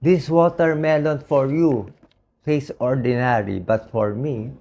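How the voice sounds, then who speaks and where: A man with a Filipino accent speaks in a hoarse, worn voice, unhurried and deliberate. He is a doctor giving an earnest, pleading personal monologue, slipping between English and Tagalog. His pitch sits in an ordinary middle range. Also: mellow.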